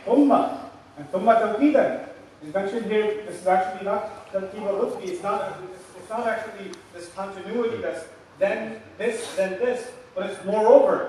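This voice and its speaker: A man giving a religious lecture in a large mosque hall, animated, acting out scolding lines and repeating points for emphasis. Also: sits high, moderate pace. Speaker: lecturer on scripture. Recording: echoey hall recording from a distance.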